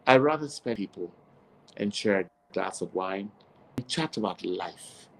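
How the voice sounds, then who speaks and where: A man's voice: deep voice, animated, unhurried, creaky, fairly bright tone, poor audio. A man, speaking as an interview guest in an emphatic, preachy monologue that keeps repeating his points.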